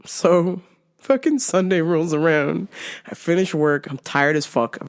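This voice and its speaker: A woman host telling a story in a profane, animated rant and laughing often. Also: low voice, a little slow. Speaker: podcast host.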